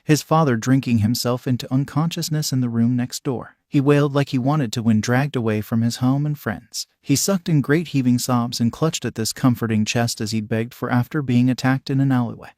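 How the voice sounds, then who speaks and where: A man narrating a fanfiction story in an even, steady reading voice. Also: medium pitch, a little fast, few pauses, no room sound, clean studio sound.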